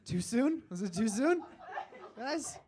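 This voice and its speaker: A man's voice: very high voice, lively intonation, slow pace, a little mellow. A young man from Alberta, Canada, doing a stand-up comedy set, self-deprecating and rambling, with frequent fillers.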